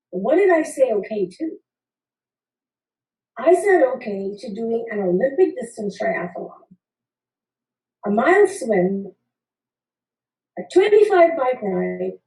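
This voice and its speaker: A woman's voice: on the high side, mellow. A woman in her fifties telling a funny personal story to an audience, playful and acting out the people in it. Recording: roomy sound from a distant mic.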